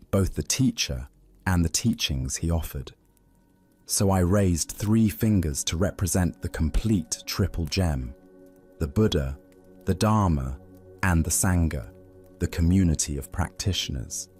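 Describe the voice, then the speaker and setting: A man voicing an earnest, respectful traveling monk in a storybook tale, with a husky voice. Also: deep voice, darkish tone, heavily acted. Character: earnest humble wandering male monk.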